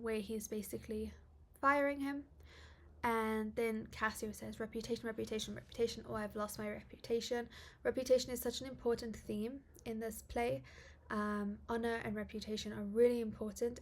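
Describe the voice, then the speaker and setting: A woman's voice: a little high, steady tone, moderate pace. A woman tutor casually explaining literature quotes, chatty and informal, with frequent likes, ums and small laughs.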